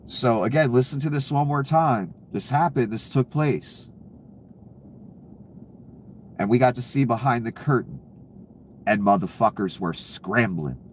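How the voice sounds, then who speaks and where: A man's voice: medium pitch, animated, a little slow, pauses often, slight background noise. A man giving casual, profane political commentary, ranting and sarcastic, laughing at his own jokes.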